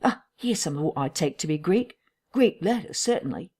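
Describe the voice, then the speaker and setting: A woman's voice: low voice, animated, normal speed, a little mellow, slightly rough. A woman voicing a nervous, fussy male village doctor in an audiobook. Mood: fretful.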